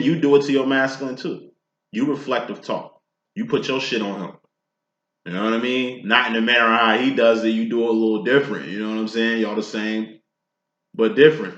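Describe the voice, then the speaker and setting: A man's voice: on the low side, pushed and bright, roomy sound, highs cut off. A man giving a casual tarot reading in a profane, streetwise and preachy way. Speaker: tarot reader.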